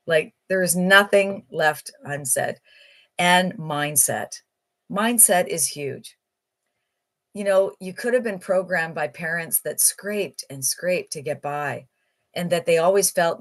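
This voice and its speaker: A woman giving an enthusiastic, emphatic motivational sales pitch for an online marketing program. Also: slow pace, fairly bright tone.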